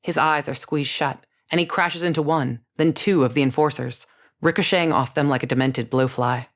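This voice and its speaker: A woman narrating a first-person story in a measured, scripted reading. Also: sits low, fairly even intonation.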